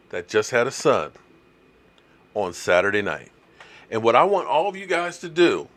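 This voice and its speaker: A man's voice: mid-range voice, fairly bright tone. A middle-aged man, hosting a casual live stream, chatty and reading viewer comments aloud. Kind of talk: casual live stream chat about football.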